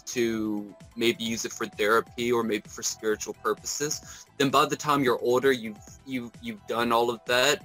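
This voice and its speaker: Bright-voiced earnest podcast host man. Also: mid-range voice, low-quality recording. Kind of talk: casual podcast chat.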